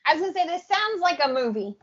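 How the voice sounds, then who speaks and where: A woman's voice: extremely high pitch, sing-song, quick pace, a bit bright, muffled recording. A woman co-hosting a podcast, chatting casually and making sassy, joking asides. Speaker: podcast co-host. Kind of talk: casual chat.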